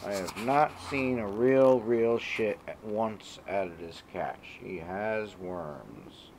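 A man's voice: lowish voice, animated, slow pace, darkish tone, slight background noise. A man filming his cats at home, chatting casually and cooing doting baby talk at his pets between rambling asides. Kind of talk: casual home video chat.

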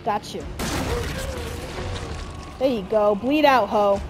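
A young woman streaming a horror game, trash-talking enemies with constant swearing and excitable reactions. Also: medium pitch, slow. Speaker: gameplay streamer. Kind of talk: live game commentary. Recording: game music playing behind.

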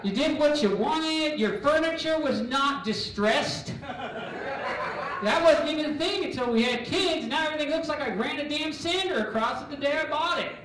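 A middle-aged man doing a stand-up comedy set on a club stage, loud and bantering as he acts out characters. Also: very high-pitched, expressive, moderate pace, recorded from a distance, crowd noise. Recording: echoey club recording from afar. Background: audience laughter.

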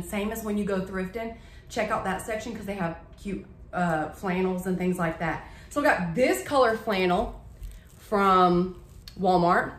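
Speaking to camera in her living room, a young vlogger gushes happily about every piece in her shopping haul, chatty and full of "y'all." Her voice sits in the mid range, and the room echoes.

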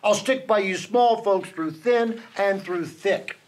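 A man's voice: high voice, slow, a little hiss or hum. A man voicing a big, kind, loyal male elephant in a storybook read-aloud, speaking earnestly and with exclamations.

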